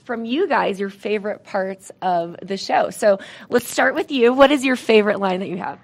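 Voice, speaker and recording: A woman's voice: medium pitch, moderate pace, gravelly. A woman hosting a local morning TV show, bubbly and laughing a lot as she interviews guests.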